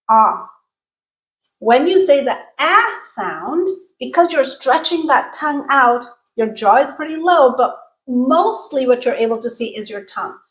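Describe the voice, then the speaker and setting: A woman teaching English pronunciation in an online lesson. She coaches clearly and repeats each vowel slowly so learners can drill it. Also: high-pitched, fairly bright tone. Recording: roomy echo.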